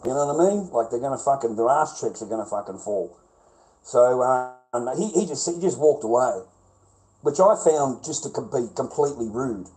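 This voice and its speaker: A man with an Australian accent delivering an angry, profane rant to camera, often flaring into loud, high outbursts. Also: animated, moderate pace, rough recording. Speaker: vlogger. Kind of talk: profane ranting monologue.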